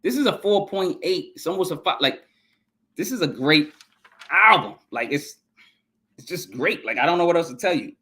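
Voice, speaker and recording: A man's voice: a little high, sing-song, normal speed, bright, forceful tone. A man hosting a podcast, casually ranking albums in a rambling, enthusiastic way, repeating himself and tripping over names. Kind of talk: casual album review monologue.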